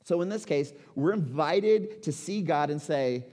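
A man in his forties delivers a sermon in a fairly high voice, moving between easy conversational asides and emphatic rhetorical questions. A long hall reverb trails behind his words. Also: animated, unhurried, hardly any pauses, a little mellow. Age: 40s. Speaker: pastor.

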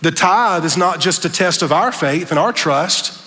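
A male pastor preaches with a high, bright, ringing voice that climbs into shouts on his key words. His sermon rolls out in a fervent preacher's cadence. A long reverb hangs behind him, as from a big church hall. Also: animated, normal speed. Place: large church stage.

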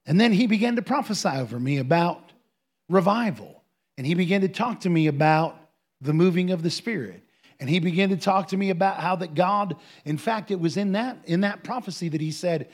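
A high-voiced man preaching as a pastor, animated and lively. He answers questions from the congregation and acts out the people in his stories. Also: a little fast. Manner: animated preaching, with quoted voices and bursts of singing.

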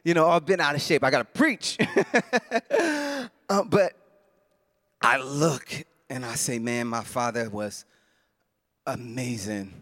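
A man preaching a sermon, heartfelt and emotional, often restarting his phrases and chuckling, moving between soft, low passages and louder bursts. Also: slow pace, pauses often, no room sound, clean studio sound.

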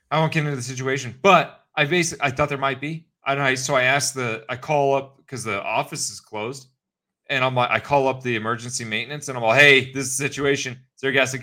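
Man, podcast co-host, bright tense voice, casual chat, animated mock-angry rants. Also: mid-range voice.

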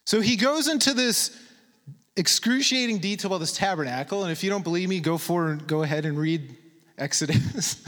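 Male pastor, sermon delivery, high and very lively pitch, long hall reverb. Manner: animated, asks the audience questions.

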